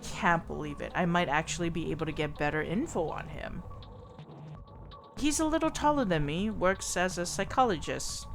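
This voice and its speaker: A young woman streamer reads a game's narration aloud, breaking off for playful asides. Her voice sits low and moves through a wide, lively range. Clear game music plays behind her. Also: moderate pace. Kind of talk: reading a game aloud with casual commentary.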